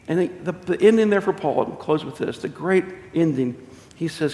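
Earnest pastor in an echoing church. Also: male voice, a little high, expressive, normal speed, a little mellow. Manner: earnest, exhorting, rhetorical questions. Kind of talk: sermon. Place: church sanctuary. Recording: echoey hall, long reverb.

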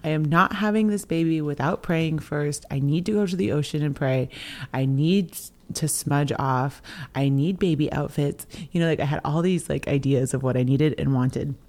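A low-voiced young woman shares a personal story on a podcast, in a relaxed, chatty way. She is animated and breaks into laughter between phrases, acting out what others said. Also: normal speed. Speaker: podcast co-host. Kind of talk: casual storytelling chat.

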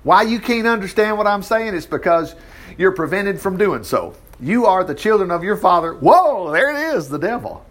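A man preaching a sermon, reading scripture and commenting with animated exclamations. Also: high-pitched, moderate pace. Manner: animated, exclaiming and chuckling between verses. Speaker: preacher teaching from the Bible.

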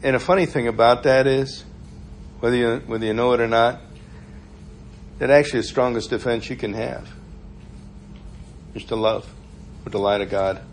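A man's voice: medium pitch, fairly even intonation, normal speed, pauses often, slight background noise. A man giving an informal sermon in a conversational, storytelling way, laughing often as he talks. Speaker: preacher.

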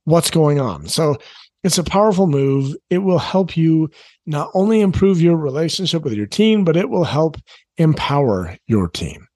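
A man's voice: fairly high pitch, very animated, normal speed, warm tone, no room sound. A middle-aged man coaching parents in an earnest, conversational talk, repeating his key phrases. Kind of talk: direct-to-camera advice talk.

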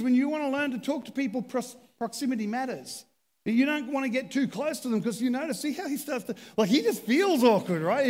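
High-voiced joking male pastor. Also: big-room sound. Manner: chatty, self-deprecating, joking with the congregation. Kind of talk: humorous sermon. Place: church stage.

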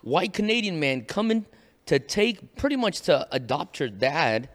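A man's voice: fairly high pitch, very animated, a little slow, fairly bright tone, in a large hall. Eager man hosting a casual interview. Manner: eager interjections, asks follow-up questions.

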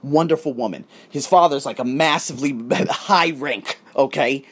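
A man's voice: mid-range voice, normal speed, slightly rough. A man, an English tutor, telling a casual motivational story, acting out both sides of conversations and swearing freely. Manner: animated, acts out both sides of dialogues, swears.

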